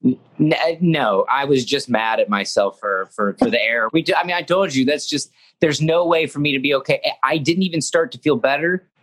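Young man, wrestler, earnest and rambling, mid-pitched voice, casual interview. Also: a little fast, fairly bright tone. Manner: earnest, rambling, with restarts and acted-out quotes. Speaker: professional wrestler, guest.

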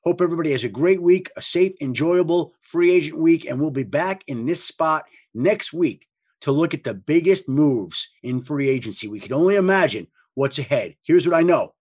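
A man's voice: fairly high pitch, lively intonation, moderate pace, a little mellow, husky. A man hosting a podcast, talking in a casual, conversational and wry way. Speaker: podcast host. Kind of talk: casual podcast talk and sign-off.

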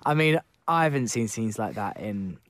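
A man's voice: lowish voice, expressive, measured pace, a bit bright, dry recording. Man hosting a chatty football podcast. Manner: leads the talk with questions, chatty. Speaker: podcast host. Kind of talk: casual football podcast chat.

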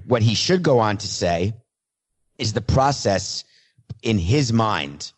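A man doing a comedic sports monologue, talking in casual, self-mocking asides. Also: fairly low pitch. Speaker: sports commentator.

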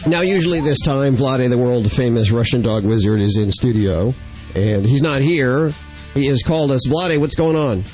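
A man's voice: mid-range voice, normal speed, darkish tone, slightly rough, faint music behind. A man hosting a radio talk show, playful and teasing with his guest.

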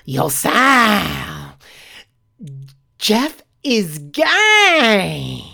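A man's voice: high-pitched, huge pitch swings, very slow, creaky, bright, forceful tone, voice pushed up, exaggerated voice. A man voicing a blunt, nosy teenage schoolgirl in a spoken story. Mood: gleeful.

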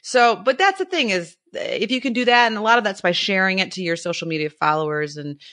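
Bright-voiced, chatty woman co-host. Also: mid-range voice, animated, fast talker. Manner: enthusiastic, chatty, laughs often. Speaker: podcast co-host. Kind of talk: casual chat.

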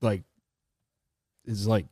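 A man's voice: lowish voice, fairly even intonation, drawn-out words, mellow, no echo, clean studio sound. A man from New York co-hosting a podcast, trading jokey, profane banter in casual chat. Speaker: podcast co-host.

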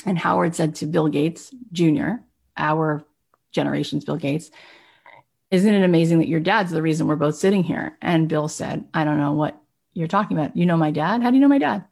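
A woman telling an anecdote in a lively way, acting out the people she quotes with a rising voice. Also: moderate pace, vocal fry, husky. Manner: animated, acts out quoted speech with rising pitch. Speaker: storyteller. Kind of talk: anecdotal storytelling.

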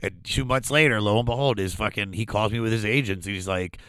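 Animated, swearing male comedian telling stories. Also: fairly low pitch, a little fast, smooth, no room sound, clean studio sound. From Washington D.C. area. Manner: animated, profane, acts out quoted voices. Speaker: comedian guest. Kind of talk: casual podcast storytelling.

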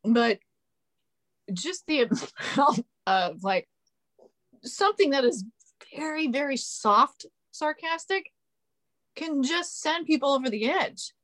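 A woman's voice: sits high, expressive, takes it slowly, long pauses, fairly bright tone. A woman guest on a podcast, talking casually, blunt, sarcastic and opinionated.

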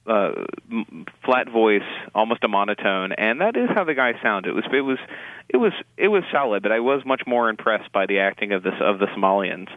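A man co-hosting a casual film review chat, talking in halting, restarting sentences with wry asides. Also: fairly low pitch, lively intonation, dry recording. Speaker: film critic co-host. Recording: tinny phone-like line, dry.

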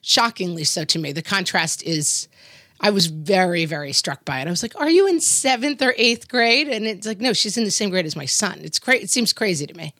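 A woman's voice: mid-range voice, fairly quick, dry recording, clean studio sound. A middle-aged woman co-hosting a casual talk, telling stories and acting out the voices of people she quotes. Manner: animated storyteller, acts out quoted voices. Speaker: podcast co-host. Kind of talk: casual conversation.

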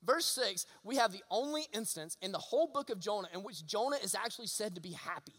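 High-voiced preacher in a reverberant hall. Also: male voice, animated, fast. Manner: emphatic, rhetorical questions, swings from loud to hushed. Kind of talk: sermon. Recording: long reverb of a large hall.

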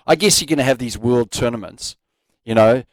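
A man co-hosting a casual sports chat, speaking in a relaxed way and thinking aloud with plenty of fillers. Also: medium pitch, a little fast, no room sound. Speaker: co-host.

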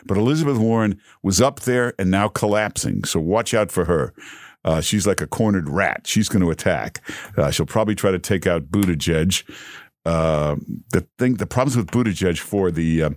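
A man's voice: deep voice, expressive, moderate pace, dry recording, studio quality. Emphatic man hosting talk radio. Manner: emphatic, repetitive, with frequent filler sounds. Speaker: guest talk radio host. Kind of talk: political talk radio monologue.

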